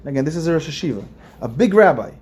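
A man's voice: a little high, expressive, racing, darkish tone, slightly rough. A man, a rabbi, giving an informal religious lesson in a conversational way, repeating phrases and asking his listeners questions. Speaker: rabbi teaching a class.

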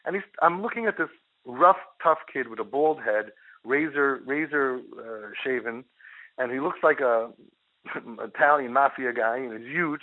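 A middle-aged man, a parenting guide, telling a case story in an animated way and repeating words for emphasis. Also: mid-range voice, unhurried. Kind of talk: storytelling talk. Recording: tinny phone-line sound.

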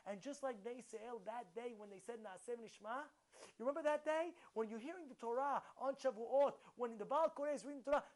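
A man with a high-pitched voice gives an impassioned Torah lecture. He exhorts his listeners, moving from quiet asides to sudden loud bursts. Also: a little fast, poor audio. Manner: passionate and exhorting, shifting from hushed to loud. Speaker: rabbi.

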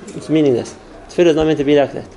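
A man's voice: on the high side, steady tone, racing, mellow, a little hiss or hum, poor audio. A man giving an earnest spoken Torah class, explaining step by step with numbered points. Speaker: Torah teacher.

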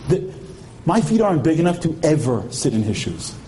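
Man preaching with passion at a tribute, pitched a bit high, keeps asking the crowd questions, slight hiss behind him. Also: sing-song, a little fast. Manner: rhetorical questions to the audience, mixes in Hebrew terms. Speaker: speaker at a memorial tribute. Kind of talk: impassioned sermon.

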